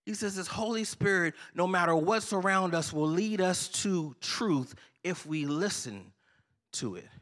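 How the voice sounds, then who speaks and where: A man's voice: high-pitched, lively intonation, unhurried, fairly bright tone. A man preaching a sermon, asking the congregation to finish his sentences. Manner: preachy call-and-response, asks the congregation to finish lines. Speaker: pastor.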